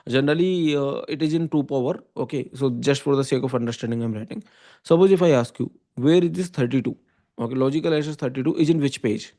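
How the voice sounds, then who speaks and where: A computer science teacher with an Indian English accent gives an online lecture, going step by step and often checking in with "okay?" and "right?". His medium-pitched voice is mellow and he talks fast.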